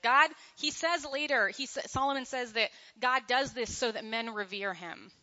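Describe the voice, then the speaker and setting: Woman, middle-aged, high bright voice, chatty group Bible study teacher, dull lo-fi recording. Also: moderate pace. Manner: chatty, animated, laughs often, acts out quotes. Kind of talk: casual church talk to a group.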